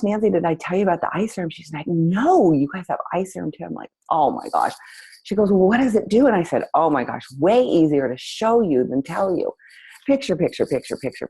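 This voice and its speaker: A woman's voice: sits low, darkish tone, breathy edge, rough recording. A woman hosting a talk, telling a story and acting out both sides of a conversation with lots of energy. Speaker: host. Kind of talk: storytelling to an audience.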